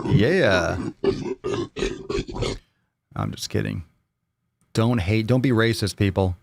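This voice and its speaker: A man with an American accent chats loosely through a live Q&A, restarting sentences and tossing jokes at his audience. His voice sits a bit low, recorded close and dry with no room sound. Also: slow pace, vocal fry, pauses often, no room sound. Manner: rambling, repeats himself, joking banter with chat. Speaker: livestream host. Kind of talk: casual live Q&A chat.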